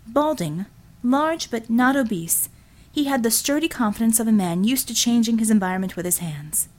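A woman narrating a story for an audiobook, in an expressive storytelling manner. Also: on the high side, moderate pace.

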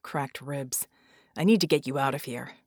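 A woman reading an audiobook voices a male red genie with stretchy arms, speaking low, grim and measured. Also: darkish tone, no room sound, studio quality.

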